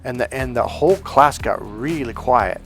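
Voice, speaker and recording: A man talking as a life coach in a loose, storytelling monologue. He gets animated, pitching up to act out the people in his stories, and swears bluntly along the way. Soft music plays faintly underneath, and his voice sits at an ordinary middle pitch. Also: moderate pace. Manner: animated, acts out quoted people in raised voices.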